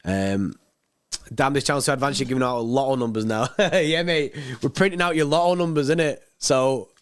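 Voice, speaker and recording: A man's voice: mid-range voice, moderate pace, clear, resonant tone. Laid-back man hosting a livestream. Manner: laid-back, chatty, reads out viewer comments. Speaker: fan channel livestream host. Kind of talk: casual livestream chat.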